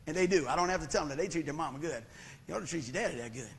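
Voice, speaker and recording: Man, middle-aged, preacher, folksy sermon, higher gravelly voice. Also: animated, rapid-fire, a bit bright, slight background noise. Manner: folksy, conversational storytelling.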